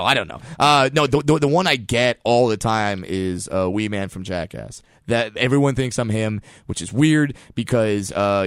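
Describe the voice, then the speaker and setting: A man's voice: medium pitch, clear, resonant tone, no echo, clean studio sound. A man telling comic stories in a chat, acting out the people he quotes. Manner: animated storyteller who acts out quoted voices. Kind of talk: storytelling chat.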